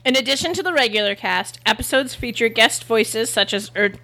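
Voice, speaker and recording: A woman co-hosting a comedic chat, quick-witted and teasing. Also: on the high side, animated, bright, forceful tone. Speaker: podcast co-host.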